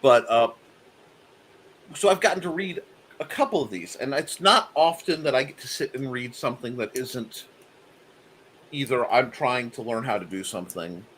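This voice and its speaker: Lively bright-voiced man hosting a chat. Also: medium pitch, normal speed, slight background noise. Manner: animated, laughing, frequent fillers and restarts. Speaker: host. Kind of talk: casual chat.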